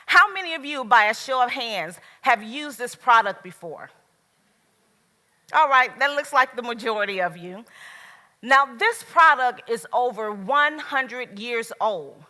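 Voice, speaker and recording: Slow, emphatic woman speaking in a hall. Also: on the high side, expressive, pushed and bright. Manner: slow, emphatic, with dramatic pauses. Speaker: speaker at a business event. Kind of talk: motivational speech. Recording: long reverb of a large hall.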